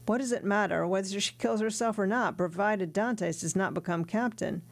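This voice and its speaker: A woman's voice: medium pitch, moderate pace, creaky, lightly acted. Woman doing a sly muttering schemer man. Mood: scheming. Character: scheming male shipmate, sly and whispering.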